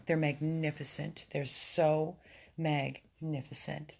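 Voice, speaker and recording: A woman's voice: low-pitched, fairly even intonation, slow, vocal fry, darkish tone. A woman running a dog rescue, giving an earnest, upset live update indoors at home, answering viewers as she pleads for help. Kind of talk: live video update, reading viewer comments.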